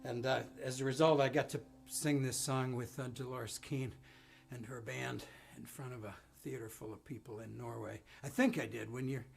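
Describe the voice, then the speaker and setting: A man's voice: medium pitch, fairly even intonation, moderate pace, gravelly, few pauses. A man, a folk musician on a live stream, introduces a song in a rambling, self-deprecating way full of ums. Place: home studio. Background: guitar.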